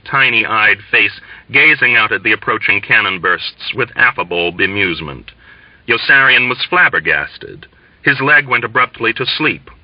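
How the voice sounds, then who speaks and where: A man reading a novel aloud in a measured, plain narrating voice. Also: lowish voice, dry recording. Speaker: audiobook reader. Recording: dull lo-fi, dry.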